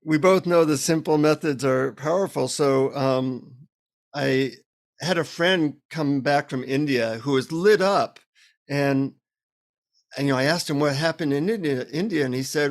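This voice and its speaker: A man guest in a casual interview, telling an animated, self-deprecating anecdote over a remote call. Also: on the high side, unhurried.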